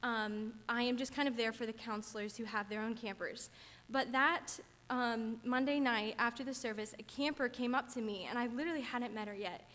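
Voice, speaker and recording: Young woman, earnest testimony, slightly high voice, church hall reverb. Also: fairly even intonation, normal speed, a bit bright. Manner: earnest, chatty, gets teary. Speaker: camp counselor giving testimony. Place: church sanctuary.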